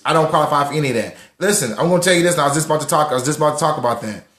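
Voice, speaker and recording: A young man hosting a live talk room on money, lively and preachy, repeating lines for emphasis and greeting listeners by name. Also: fairly high pitch, rapid-fire, roomy sound. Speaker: host of a live social audio room on personal finance.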